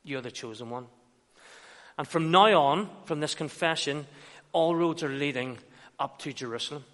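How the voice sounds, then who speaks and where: A man's voice: fairly high pitch, moderate pace, a bit bright. A man preaching an expository sermon, retelling scenes and acting out quoted dialogue. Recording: long reverb of a large hall.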